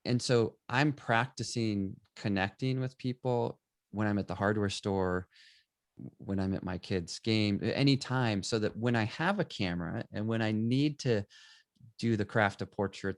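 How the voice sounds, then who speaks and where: Animated low-voiced man telling stories. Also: measured pace, no room sound, studio quality. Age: middle-aged. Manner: animated, acts out quoted dialogue. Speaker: photographer and guest. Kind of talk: conversational storytelling.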